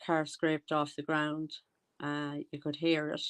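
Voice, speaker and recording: This Irish commentary vlogger talks in an unhurried monotone, her fairly low voice clear and resonant. Chatty and rambling, she drifts off mid-thought and loops back when she loses track.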